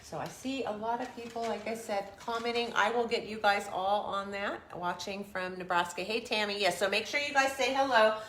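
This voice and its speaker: A woman's voice: medium pitch, normal speed, few pauses, fairly bright tone, roomy sound, a little hiss or hum. A woman hosting a casual live-stream recipe chat from a home kitchen, talking while she eats. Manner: chatty, talks while eating. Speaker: cooking show co-host.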